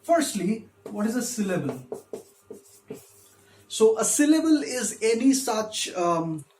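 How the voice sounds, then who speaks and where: A man's voice: high voice, sing-song, slow, a little mellow, a little hiss or hum. A man who gives a literature lecture, patiently explaining step by step and stressing syllables when he demonstrates them. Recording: echoey room.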